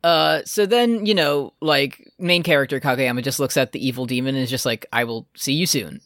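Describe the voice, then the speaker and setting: A man's voice: mid-range voice, fairly quick, fairly bright tone, no room sound, clean studio sound. A man co-hosting a casual podcast, recapping an anime episode and acting out characters' lines for laughs. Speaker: podcast co-host.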